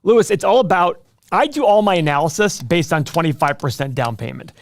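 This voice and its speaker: A man's voice: on the high side, expressive, brisk, gravelly. A middle-aged man hosting a casual livestream, answering viewer questions with jokes and self-deprecating asides.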